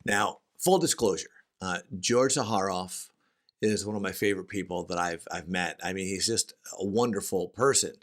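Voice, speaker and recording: A middle-aged man speaks in a hoarse, somewhat low voice from his home studio. He chats casually about a fragrance, often restarting and repeating himself as he goes. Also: normal speed. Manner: chatty, with frequent restarts and repetitions. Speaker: fragrance reviewer. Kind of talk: casual review chat.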